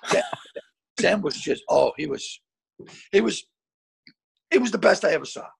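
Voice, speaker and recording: Older man, comedian guest, very gravelly, badly raspy, high voice, video call. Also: animated, moderate pace. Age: over 60. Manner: loud, swearing, restless storyteller who repeats words. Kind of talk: storytelling anecdotes.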